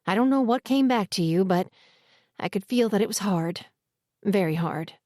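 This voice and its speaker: A soft, gentle werewolf mother, read by a woman. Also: medium pitch, lively intonation, moderate pace, no echo, studio quality, natural voice.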